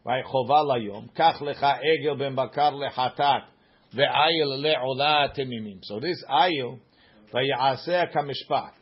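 A man's voice: mid-range voice, a little slow, breathy edge, muffled recording. A man teaching a Talmud class, reading the Aramaic in a sing-song study chant and explaining it in English.

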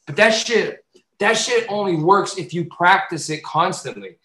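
A man chatting casually on a podcast, animated and loose, swearing freely and jumping into loud high voices to act out bits. His voice sits a little high for a man. The room around him rings with echo. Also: unhurried. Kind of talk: casual chat.

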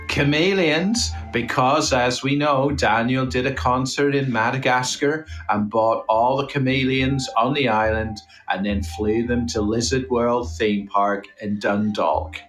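A teasing, sing-song Irish quizmaster, as a man puts him on for a comedy podcast. His voice sits at a middling pitch and stretches out the questions with mock grandeur. Faint music hums underneath. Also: fairly bright tone. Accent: put-on Irish. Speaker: comedy podcast co-host running a quiz. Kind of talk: mock Irish quiz-host voice.

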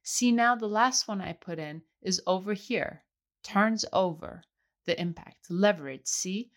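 A man's voice: high-pitched, unhurried, a bit bright. A woman doing an eager man showing off a gadget. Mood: explaining.

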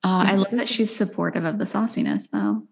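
A woman's voice: medium pitch, brisk, vocal fry, a little mellow. A woman co-hosting a podcast in casual chat, easygoing and agreeable, laughing often. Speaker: podcast co-host.

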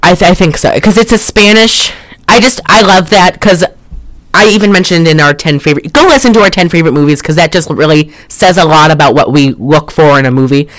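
A podcast co-host in a rambling, excitable, casual movie review chat, often laughing and swearing. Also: medium pitch, fairly quick, no echo.

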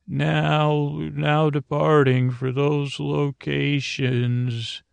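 A man doing a gravelly goofy uncle playing train conductor. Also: a little high, little pitch movement, no room sound, heavily acted. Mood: playful announcing. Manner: cheery announcer patter, brisk.

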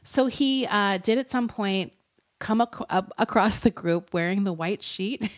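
A woman's voice: mid-range voice, unhurried. A woman co-hosting a podcast, retelling a true-crime story in casual, rambling chat and laughing often. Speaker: podcast co-host.

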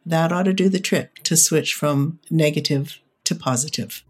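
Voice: mid-range voice, normal speed, breathy edge, faint music behind. An upbeat, encouraging podcast host giving parents tips in a monologue.

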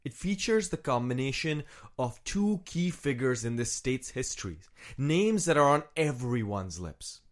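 A man's voice: mid-range voice, very animated, measured pace. A man playing a pushy male team executive in a comedy sketch, selling his idea with self-assured, salesy confidence. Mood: pitching.

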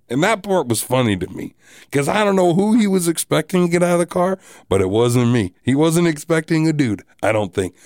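A man's voice: fairly high pitch, moderate pace, dry recording, clean studio sound. Guy ranting casually on his podcast, voice jumps up and down a lot, no room sound. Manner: animated, profane, wry. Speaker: podcast host. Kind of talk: casual storytelling monologue.

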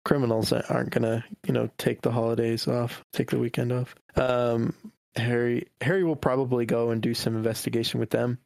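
A man's voice: mid-range voice, little pitch movement, brisk, creaky, hardly any pauses, a little mellow, no room sound. A man playing in a tabletop game, rambling and hesitant. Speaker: player. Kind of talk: casual tabletop play.

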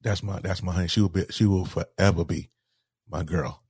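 Man, deep voice, husky, dry close sound, halting speech, heartfelt storytelling. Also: fairly even intonation, darkish tone, no room sound. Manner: halting, repeats words, grieving tone. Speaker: guest. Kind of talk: emotional interview storytelling.

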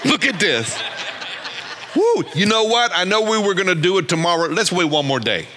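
A man voicing God as a gruff, fatherly figure who scolds in folksy slang. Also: sits high, sing-song, normal speed, background noise. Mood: amused.

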